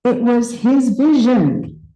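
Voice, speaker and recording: A woman in her fifties giving a personal story sermon, conversational and reflective, with pauses and restarts. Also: fairly high pitch, animated, warm tone, roomy sound, poor audio. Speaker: speaker at a spiritual center.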